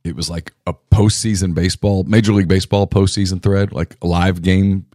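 A man from Louisiana co-hosting a casual sports podcast, rambling and self-deprecating, quick to laugh. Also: deep voice, fairly even intonation, dark tone, no echo, clean studio sound. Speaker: podcast co-host.

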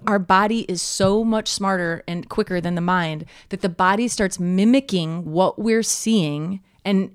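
A woman's voice: mid-range voice, clear, resonant tone, no room sound, studio quality. A woman in her thirties co-hosting a podcast, chatting animatedly and telling stories, full of fillers and laughs. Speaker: podcast co-host. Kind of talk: casual chat.

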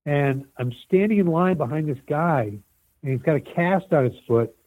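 Older man, rambling animated storyteller, somewhat high voice, phone-like sound, dry. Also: moderate pace, no room sound. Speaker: guest, set medic and former extra. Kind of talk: casual storytelling interview. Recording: tinny phone-like line.

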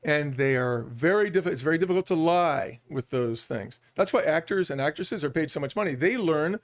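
A middle-aged man speaking as a business-leader guest on a podcast, an animated storyteller who acts out bits of quoted dialogue. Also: on the high side, moderate pace. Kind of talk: podcast interview.

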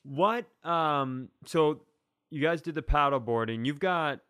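A man's voice: fairly high pitch, slow pace, fairly bright tone, clear, resonant tone, no echo, clean studio sound. A man co-hosting a comedy podcast in casual chat, teasing his partner and asking rambling questions full of restarts. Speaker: podcast co-host.

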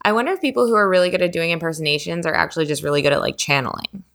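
A woman's voice: lowish voice, very fast, fairly bright tone. A woman hosting a podcast in casual chat, talking in a chatty, rambling way full of filler words. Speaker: podcast host.

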